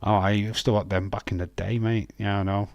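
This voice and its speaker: A man's voice: lowish voice, flat delivery, fairly quick, gravelly, a little mellow, no echo, dull audio. A young man from West Yorkshire with a Yorkshire accent, chatting casually and swearing freely as he hosts a live wrestling watch-along and talks to his chat by name. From West Yorkshire, England.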